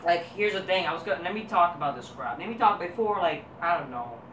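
A woman's voice: on the low side, expressive, fast, fairly bright tone, slight background noise. A woman reviewing wrestling as a vlogger, ranting crudely with constant swearing and a dismissive, combative manner. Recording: roomy echo, voice distant from mic.

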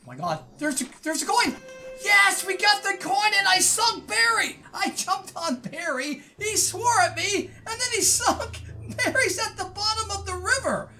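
Woman gamer, high bright voice, unhurried excited commentary. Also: soft background music. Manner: exclaims and laughs often while playing. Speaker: gaming let's-player.

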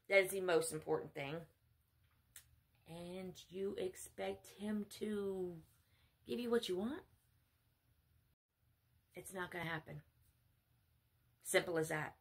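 Female preacher, scolding sermon delivery, sharp and husky. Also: mid-range voice. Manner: blunt, scolding. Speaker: self-styled spiritual mother preaching. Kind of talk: sermon monologue.

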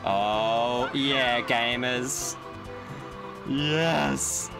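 A man's voice: mid-range voice, very slow. A young man giving jokey live commentary while playing a video game, talking to the game and to his viewers. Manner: excitable, jokey, talks to the game and chat. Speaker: gaming YouTuber. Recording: game music behind the voice. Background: game music.

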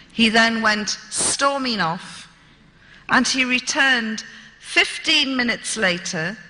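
Woman, bright and sharp tone, wry storyteller at a lecture, long hall echo. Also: on the high side. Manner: dry humorous storytelling. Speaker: speaker.

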